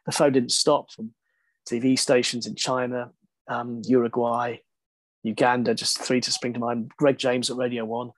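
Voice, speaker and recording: A man is telling a story as a guest in an interview. He is lively and self-deprecating, and he laughs often. His voice sits at a middle pitch and sounds dry and close. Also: moderate pace, dry recording. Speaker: guest, sports broadcaster.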